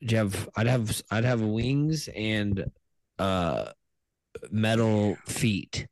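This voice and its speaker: A man's voice: lowish voice, lively intonation, slow, no room sound. A man co-hosting a casual, crude comedy chat, rambling and often laughing mid-sentence.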